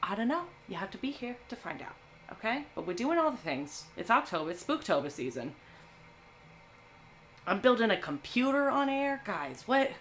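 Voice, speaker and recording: A woman's voice: fairly high pitch, very animated, moderate pace, a bit bright, slight background noise. A woman hosting a live movie stream, talking to her chat in a playful, chatty way.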